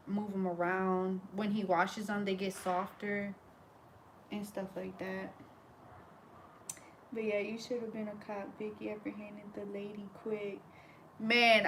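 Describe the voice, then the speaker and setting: A woman hair braider talking casually while she works, telling an animated, slangy story and chatting to her viewers. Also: medium pitch, a little hiss or hum. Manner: animated, slangy, acts out quoted voices; chatty, talks to viewers as y'all.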